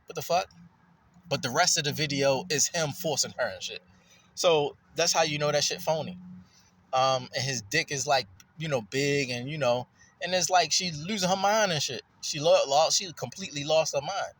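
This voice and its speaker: Rambling, profane man with a raised voice. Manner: loose and profane, jumps in pitch when excited. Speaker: vlogger. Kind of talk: rambling casual monologue.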